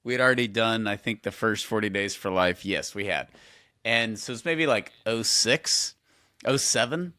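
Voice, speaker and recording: Animated man on a dry podcast mic. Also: moderate pace, no room sound. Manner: animated storyteller, jumps in pitch when excited. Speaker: podcast co-host. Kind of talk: casual podcast conversation.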